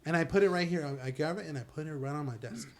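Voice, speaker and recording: A man's voice: fairly high pitch, rapid-fire. A young man telling stories in a casual chat with friends, stumbling and repeating words as he talks.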